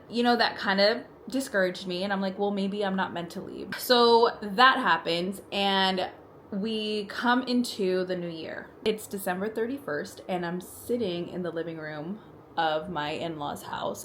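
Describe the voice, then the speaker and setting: A woman's voice: mid-range voice, fairly bright tone, a little hiss or hum. A young adult woman vlogger telling a personal story in casual chat while doing her makeup, talking in a chatty way with frequent "like" fillers, at home in her apartment.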